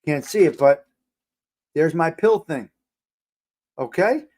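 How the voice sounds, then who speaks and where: Middle-aged male livestream host, exasperated ranter, loud bursts and quiet mutters. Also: on the high side, takes it slowly. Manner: animated, exasperated ranting with swearing. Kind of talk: casual livestream talk reacting to chat.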